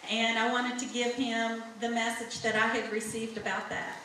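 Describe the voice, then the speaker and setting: A woman's voice: on the high side, flat delivery, moderate pace, sharp tone, a little hiss or hum. A middle-aged woman giving an earnest church testimony, speaking straight to the congregation. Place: church sanctuary. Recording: echoey sanctuary from far off.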